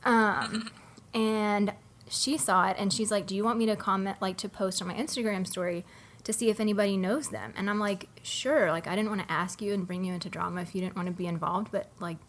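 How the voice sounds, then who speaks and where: A young woman co-hosting a podcast, telling a long story in a casual, animated way with many fillers. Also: mid-range voice, a little fast, a little hiss or hum. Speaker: podcast co-host. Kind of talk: casual chat.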